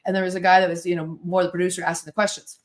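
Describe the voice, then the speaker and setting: A middle-aged woman from the United States, a podcast guest telling stories in an animated, self-interrupting way. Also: lowish voice, racing. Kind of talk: casual storytelling interview.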